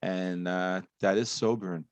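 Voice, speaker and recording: A man's voice: low-pitched, fairly even intonation, a little slow, dry recording. A man in his fifties co-hosting a music reaction show, chatting casually, teasing his partner and laughing often. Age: 50s. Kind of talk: casual chat.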